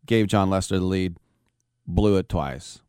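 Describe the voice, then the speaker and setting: Deep-voiced male sports radio host. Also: measured pace, smooth, no room sound, clean studio sound. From San Francisco Bay Area. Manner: storytelling, animated, acts out quotes. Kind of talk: casual sports talk radio.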